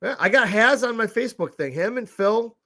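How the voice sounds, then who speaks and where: A man's voice: high voice, expressive, a little fast, pushed and bright. A man co-hosting a podcast, blunt and profane in casual chat. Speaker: podcast co-host.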